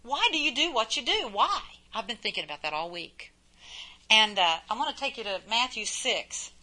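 A woman's voice: fairly high pitch, very animated, moderate pace, bright, forceful tone. A middle-aged woman preaching a sermon in a folksy way, full of rhetorical questions and repetition.

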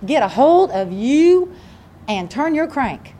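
A woman with a high voice preaches a sermon, animated and emphatic, hammering her points home by repeating phrases. Faint noise sits behind her. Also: takes it slowly.

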